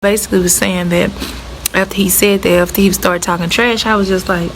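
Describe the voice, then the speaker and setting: This vlogger, a young woman who used to teach middle school art, talks to camera about her experiences in a chatty, heartfelt tone. Her mid-range voice is steady and brisk, with slight background noise on a rough recording.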